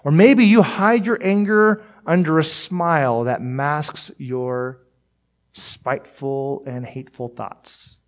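A man preaching a sermon as pastor, earnest and direct, swinging between emphatic lines and hushed ones. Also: a little high, steady tone, takes it slowly. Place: church, streamed online.

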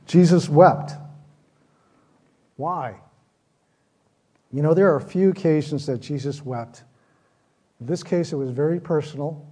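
A man's voice: a little high, mellow. A man preaching a sermon, earnest, with repeated phrases that build in intensity. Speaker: pastor.

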